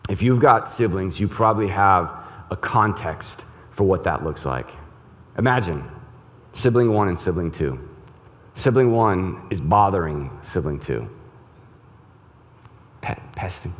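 A man preaching with a low, deep voice, earnest and emphatic, often doubling back on a word as he builds his point. A long reverb hangs after each phrase, as in a large church sanctuary. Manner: earnest, emphatic, repeats words. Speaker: pastor. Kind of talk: sermon with scripture reading.

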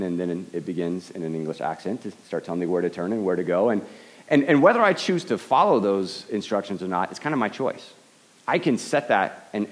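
A man giving an earnest sermon as a pastor, often stumbling and repeating words as he starts a thought. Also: low voice. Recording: long hall reverb.

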